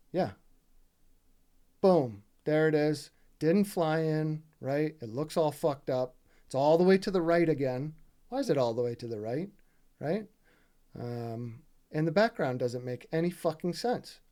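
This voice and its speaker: A man's voice: on the high side, dark tone. A man giving casual, exasperated commentary over gameplay footage, swearing freely and asking "right?" often. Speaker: gaming video creator.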